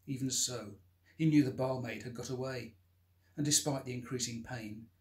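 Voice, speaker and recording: A man reading aloud from his own novel in a measured, expressive narration with dramatic emphasis. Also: medium pitch. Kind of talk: audiobook-style scripted narration.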